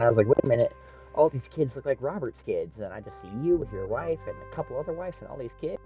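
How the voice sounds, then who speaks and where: A man's voice: medium pitch, lively intonation, racing, highs cut off, soft background music. A man in casual chat, telling long rambling stories full of swearing. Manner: rambling, profane storytelling.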